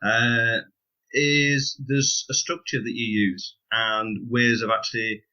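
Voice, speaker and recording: A man talks through business ideas in a relaxed podcast chat, his voice bright and forceful. He explains things with lively asides and a touch of humour. The recording sounds a little dull and lo-fi. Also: mid-range voice. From United Kingdom. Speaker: podcast co-host.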